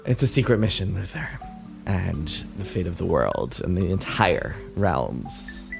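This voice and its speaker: A man playing a smooth-talking male elf rogue in a tabletop game, speaking in an earnest, coaxing way. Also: sits low, big pitch swings, unhurried, over music, heavily acted.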